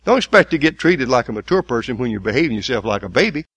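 A man preaching a sermon in a folksy way, building to loud, emphatic, slowly repeated lines. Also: medium pitch, big pitch swings, slightly rough, dry recording.

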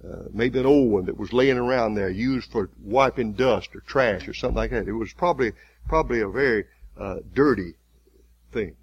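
A man preaching a sermon, retelling a story vividly with halting restarts. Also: mid-range voice, muffled recording, slight background noise.

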